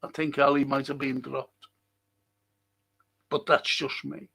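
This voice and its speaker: A man's voice: medium pitch, little pitch movement, measured pace, gravelly, pushed and bright, breathy edge. A man hosting a live fan show, reading viewer comments and ranting bluntly with plenty of swearing. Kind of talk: live-stream chat reading and rant.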